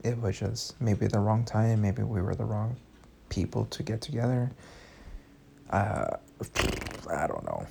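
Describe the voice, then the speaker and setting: A man's voice: on the low side, very animated, a little slow, vocal fry, long pauses, noisy background. A young man hosting a podcast, telling his breakup story candidly and emotionally, swearing often. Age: young adult. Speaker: podcast host. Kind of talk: casual storytelling.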